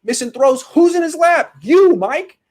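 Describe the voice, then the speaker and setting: A man's voice: very high voice, expressive, unhurried, darkish tone. A man hosting a casual sports talk show, ranting animatedly and reading out viewer comments.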